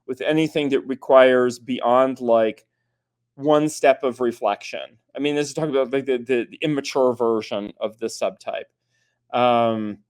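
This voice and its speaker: A man in his forties speaks as an invited expert in easy conversation. He thinks aloud, trailing off and restarting with plenty of fillers, at an ordinary medium pitch. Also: a little mellow, clear, resonant tone. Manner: thoughtful, many fillers and restarts. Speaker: guest expert on personality types. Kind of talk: conversational explanation.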